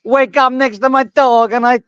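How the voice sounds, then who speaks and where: A man's voice: very high-pitched, fairly even intonation, normal speed, fairly bright tone, smooth, dry recording, voice pushed up. A man putting on a boastful foreign reporter caricature with a mock Kazakh accent and broken English. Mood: goofy boasting. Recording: dull lo-fi video call.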